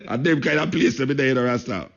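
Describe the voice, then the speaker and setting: A man's voice: mid-range voice, a little fast, vocal fry, a bit bright. Jamaican radio host guy, emphatic, repeats himself a lot, kinda dull lo-fi broadcast sound. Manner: emphatic, repeats phrases for stress, speaks patois. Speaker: radio talk show host. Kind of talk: opinionated radio talk. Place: radio studio.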